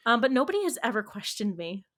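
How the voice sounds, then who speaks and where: Bright-voiced woman chatting on a podcast. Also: on the high side, very animated, quick pace. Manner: chatty, explains with many fillers and quoted asides. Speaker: podcast co-host. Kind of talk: casual podcast chat.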